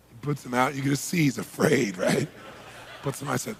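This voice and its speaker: A man giving a live seminar as a motivational speaker. He tells stories in a raspy voice and shouts animatedly when he reenacts scenes. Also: mid-range voice, brisk, slight background noise. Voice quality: raspy, gravelly.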